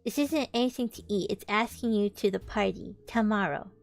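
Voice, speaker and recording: A woman's voice: medium pitch, normal speed, creaky, faint music behind, lightly acted. A woman voicing a fussy, self-important male owl in a storybook reading, talking impatiently.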